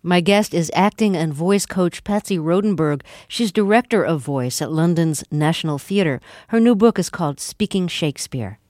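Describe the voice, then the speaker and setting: A woman hosts a radio interview, her voice pitched a little low. She asks her questions in a measured, plain way. The studio sound is dry and close. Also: expressive, darkish tone, no room sound.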